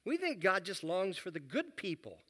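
A man's voice: high voice, wildly swooping pitch, normal speed, pushed and bright. A man teaching a Bible lesson in a conversational way, repeating key phrases and asking his listeners questions. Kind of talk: sermon-style Bible lesson.

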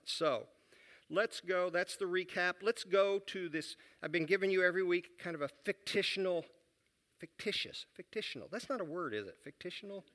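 A man's voice: a little high, fairly bright tone. A man teaching a Bible lesson in a conversational way, repeating key phrases and asking his listeners questions. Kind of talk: sermon-style Bible lesson.

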